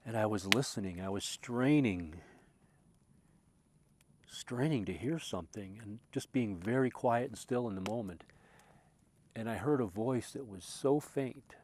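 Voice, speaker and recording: A man with a somewhat low voice shares a personal story in a reflective, earnest way. He gets loud and passionate in places and then drops to a quiet hush. He often stumbles and repeats words as he searches for what to say. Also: a little slow, pauses often. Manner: swings from loud passionate recalling to quiet, hushed tones. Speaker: spiritual speaker.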